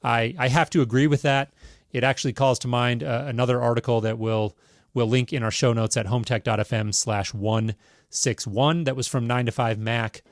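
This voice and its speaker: A man hosting a tech podcast, reading a news item and then chatting about it in a measured, casual way. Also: medium pitch, steady tone, no echo, studio quality. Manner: measured, reads news items then riffs. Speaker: podcast host.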